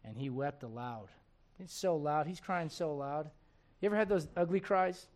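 A middle-aged pastor delivers his sermon in a folksy, animated manner, his voice sitting a touch higher than most men's. He swings from quiet, confiding stretches to lively acted-out asides. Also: moderate pace.

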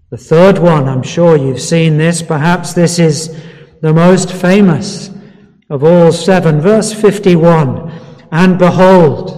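A high-pitched man delivers a sermon in a slow, deliberate cadence. He presses his points with emphasis and rhetorical questions to the congregation. His voice rings with the long reverb of a large church hall. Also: darkish tone. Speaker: preacher.

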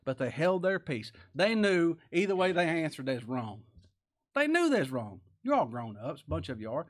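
Male pastor, slightly high voice, sermon with big swings between loud and quiet. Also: big pitch swings, brisk. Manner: preaching with sudden rises in pitch and volume, dropping to quiet asides.

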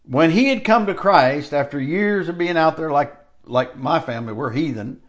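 A man's voice: a little high, lively intonation, moderate pace. An older man preaching a sermon in a conversational, storytelling way, stretching out key phrases for emphasis.

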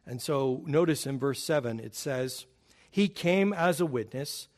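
A man's voice: animated, a little slow, darkish tone. A man preaching a sermon to his congregation, building emphasis as he drives key points home. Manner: emphatic, rising in pitch and volume on key points. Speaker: pastor.

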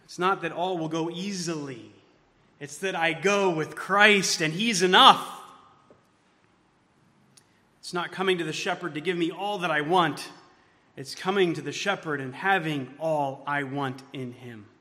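A man preaching a sermon as pastor, moving from hushed, tender passages to loud, emphatic ones. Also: on the high side, a little slow. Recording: long hall reverb.

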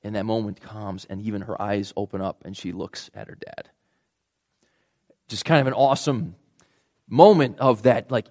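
Earnest male preacher. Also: mid-range voice. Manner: earnest, restarts words, drops to a soft hush for tender moments. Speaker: pastor. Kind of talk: sermon.

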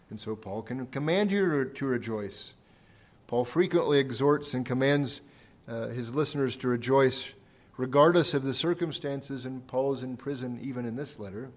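Man preaching an earnest sermon. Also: on the high side. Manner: earnest preaching, repeating key phrases for emphasis, volume rising and falling. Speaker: pastor. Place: church sanctuary.

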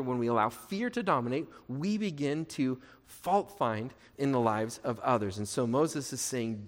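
A man's voice: mid-range voice, big-room sound. A pastor preaching a sermon, repeating his key phrases and asking the congregation questions.

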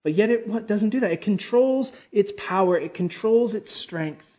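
A man preaching a sermon with fervor, swinging between loud, high exclamations and quiet, low passages and slowly drawing out key words. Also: expressive. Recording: dull lo-fi sermon recording.

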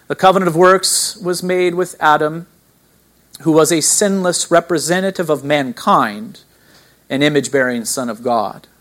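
A man delivers a sermon as pastor, his voice sitting a little high for a man. He preaches emphatically, throws rhetorical questions at the listeners and drags out key words to drive them home. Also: fairly bright tone.

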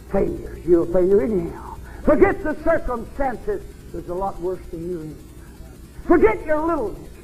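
A man preaching a fervent, folksy revival sermon at a church service, often climbing into shouts. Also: fairly high pitch, poor audio.

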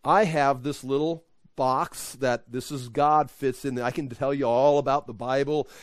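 A man's voice: mid-range voice, fairly even intonation, measured pace, dry recording. A man leading an evening Bible study, teaching in a conversational, emphatic way and often correcting himself.

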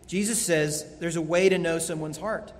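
A man's voice: on the high side, steady tone, moderate pace. A man preaching a sermon as a pastor, earnest and emphatic, repeating key phrases. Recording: long hall reverb.

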